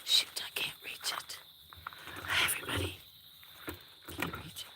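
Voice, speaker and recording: A woman's voice: high-pitched, animated, measured pace, whispered. Chatty woman livestreaming from a farm at night. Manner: chatty, scattered, talks softly to animals. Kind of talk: casual livestream chat with viewers and animals. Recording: outdoor noise with chirping crickets. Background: crickets and insects.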